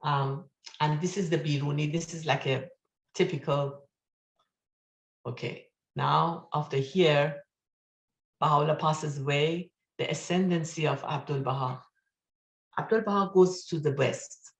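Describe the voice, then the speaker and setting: Excitable woman telling stories, echoey room. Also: deep voice, measured pace, long pauses. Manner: excited, acts out quotes, laughs often. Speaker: speaker at an online study session. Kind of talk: animated storytelling talk. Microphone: video call.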